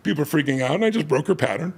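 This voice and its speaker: A man's voice: a little high, expressive, very fast, gravelly, slightly rough. A man telling a story emphatically as a guest in a casual conversation, laughing often as he talks.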